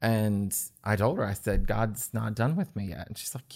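A man telling his personal faith story in an earnest, halting way, with many restarts. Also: lowish voice, creaky, a little mellow. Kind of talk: personal testimony in conversation. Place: indoors at a table.

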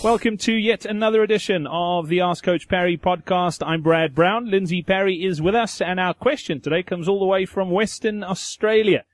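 A male podcast host with a notably high voice talks in a bright, casual way. The sound is dry and close, with no room around it. He reads a listener's question aloud with easy enthusiasm. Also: normal speed, few pauses, no echo, soft background music. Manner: upbeat, reading out a listener question.

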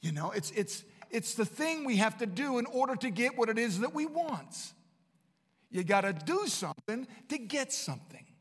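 Students in a large Bible college hall hear a sermon that alternates between soft, thoughtful passages and emphatic statements. The preacher's high, husky voice moves at normal speed with a sing-song quality, and lengthy reverb hangs after each phrase.

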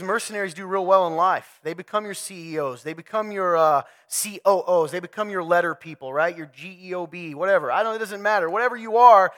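Young male preacher, high bright voice, jokey direct-address sermon style. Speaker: speaker at a men's talk. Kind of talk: conversational sermon.

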